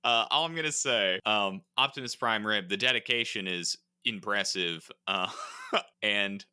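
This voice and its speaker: A man's voice: fairly low pitch, a little slow, bright, forceful tone, clear, resonant tone. A man co-hosting a podcast in casual chat, joking and playful, often trailing off with fillers. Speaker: podcast co-host.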